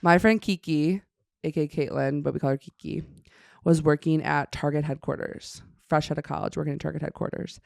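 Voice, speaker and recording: A woman in her thirties from Chicago, a guest comedian telling an animated, self-mocking story on a podcast. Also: deep voice, brisk, vocal fry, no room sound, clean studio sound. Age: 30s.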